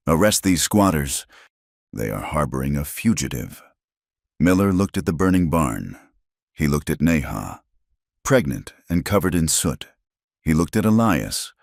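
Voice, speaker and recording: Very deep-voiced male story narrator. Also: vocal fry, no room sound, studio quality. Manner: steady, dramatic storytelling. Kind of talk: scripted narration.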